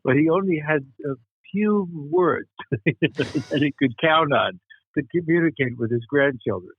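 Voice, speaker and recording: Older man, husky, over a tinny line. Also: fairly high pitch, animated. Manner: halting, many restarts and fillers. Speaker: actor guest. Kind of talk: casual interview chat.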